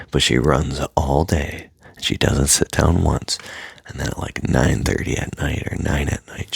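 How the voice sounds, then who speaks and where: A man speaking in a soft, halting personal monologue that often drops to a near-whisper, with a husky voice. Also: rumbling low, dry recording. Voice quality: husky, gravelly. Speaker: self-help speaker.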